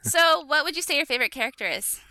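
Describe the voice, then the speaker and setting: A woman hosting a podcast, chatting casually and recapping an episode, upbeat and quick to laugh. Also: sits high, sing-song, bright, forceful tone, no room sound. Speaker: podcast host. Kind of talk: casual chat and story recap.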